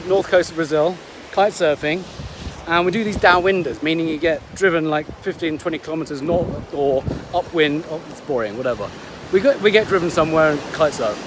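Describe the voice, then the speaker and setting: An upbeat man talks in a casual vlog, restarting his sentences as he goes. His voice sits fairly high. Ocean waves and wind roar clearly behind him on the beach. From England. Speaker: health coach.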